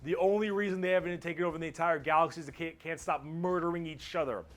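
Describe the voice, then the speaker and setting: Higher-voiced man joking about game lore. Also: steady tone, fast, fairly bright tone. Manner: irreverent, swears, mock-dumb phrasing. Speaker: video essay narrator. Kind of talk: comedic casual explainer.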